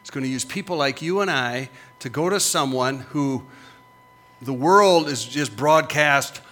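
A man's voice: medium pitch, measured pace, fairly bright tone. A middle-aged man preaching as a pastor, with emphatic, punchy repetitions that rise and fall. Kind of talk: sermon.

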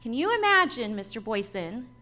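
A woman with a high voice delivers a personal testimony sermon to a church gathering. She speaks earnestly and with feeling, and light laughs break through her storytelling. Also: sing-song, normal speed, sharp tone.

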